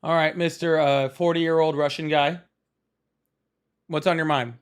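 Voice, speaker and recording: A man's voice: a little high, flat delivery, clean tone. Teasing male talk show host. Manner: teasing, joking, quick and casual. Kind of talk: live call-in talk show.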